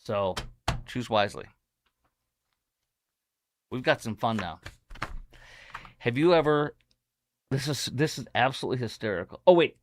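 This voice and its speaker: A man's voice: mid-range voice, animated, measured pace, long pauses, dry recording. A man hosting a podcast, giving combative, sarcastic political commentary in a rambling way. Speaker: podcast host.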